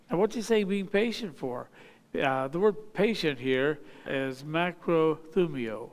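A man preaching a sermon as a pastor. He reads scripture aloud, then explains it slowly, pausing often with fillers. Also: on the high side, lively intonation, long reverb tail.

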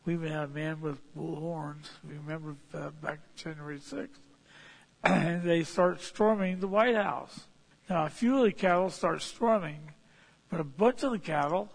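A man with a husky, slightly high voice delivers a folksy sermon. He talks in plain, homespun pictures and swells into sudden emphatic peaks before easing back down. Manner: folksy, illustrative preaching with sudden emphatic rises. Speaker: preacher.

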